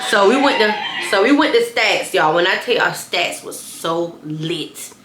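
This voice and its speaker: Chatty young woman, bright echoey voice. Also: medium pitch, expressive, a little slow, a little hiss or hum. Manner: chatty, keeps addressing the viewers, restarts and repeats phrases. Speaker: vlogger telling a story. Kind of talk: casual storytime to camera. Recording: echoey room.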